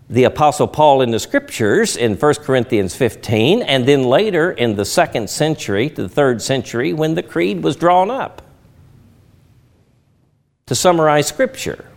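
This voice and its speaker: A middle-aged man delivering a sermon, his voice sitting a little high for a man and leaping widely in pitch as he stresses points. He teaches by asking rhetorical questions and answering them himself. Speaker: preacher.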